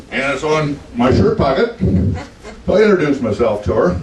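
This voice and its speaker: A man's voice: medium pitch, expressive, normal speed, a little mellow, reverberant, recorded from a distance, low-quality recording. A man in his seventies with a Texan accent, doing stand-up and telling folksy stories in a drawl, voicing the people in them. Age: 70s. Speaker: stand-up comedian. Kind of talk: stand-up storytelling.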